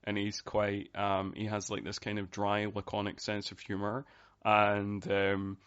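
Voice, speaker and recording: Rambling low-voiced male podcast guest. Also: completely flat delivery, measured pace, fairly bright tone, clean tone. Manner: rambling, full of fillers. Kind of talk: casual podcast chat. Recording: dull, lo-fi sound.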